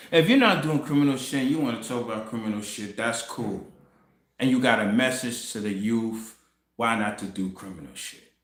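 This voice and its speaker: A man hosting a casual commentary monologue, telling a story in an animated way, laughing and swearing as he goes. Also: medium pitch, reverberant. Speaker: commentary host.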